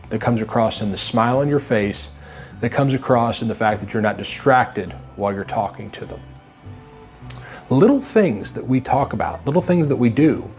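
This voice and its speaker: Speaking at a medium pitch, a man delivers a scripted motivational talk to trucking managers. His manner is steady, instructive and emphatic.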